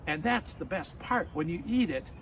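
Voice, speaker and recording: A man with a slightly high voice tells a friendly story outdoors in a backyard. Faint traffic and street sounds hum in the background of the recording. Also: lively intonation, normal speed, a bit bright. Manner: friendly, leads a clap-along. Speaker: storyteller and folk musician. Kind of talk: storytelling to children.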